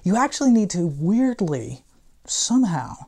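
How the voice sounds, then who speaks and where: A man's voice: sits high, big pitch swings, measured pace, vocal fry, darkish tone. A male professor giving a classroom lecture in a playful, irreverent way, with slangy asides and theatrical readings of quoted passages.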